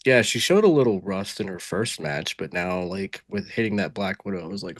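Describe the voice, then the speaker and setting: A man with a lowish voice talks with easy enthusiasm and drops the odd curse word. The sound is dry and close, with little room around it. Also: animated, fairly quick, hardly any pauses, no echo. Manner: enthusiastic, swears casually. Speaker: podcast co-host. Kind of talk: casual wrestling review chat.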